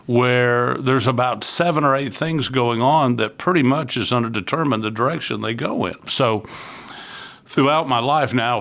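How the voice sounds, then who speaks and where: A man's voice: mid-range voice, a bit bright. An older man from Florida, a youth ministry leader, giving an earnest, conversational testimony as a podcast guest and acting out the voices he quotes.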